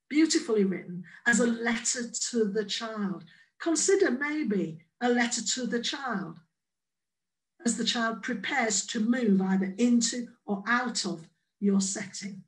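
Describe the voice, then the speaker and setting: An English woman presents at a conference with a fairly high voice. She talks with a playful, lively manner and slips into little acted voices for the examples she quotes. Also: a little slow, poor audio. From England. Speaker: conference speaker.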